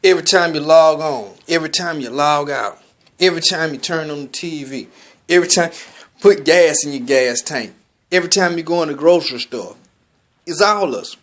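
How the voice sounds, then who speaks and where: Blunt, profane man with a slightly high voice. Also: moderate pace, a bit bright. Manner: blunt, profane, preachy, rhetorical questions. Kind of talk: profane street monologue.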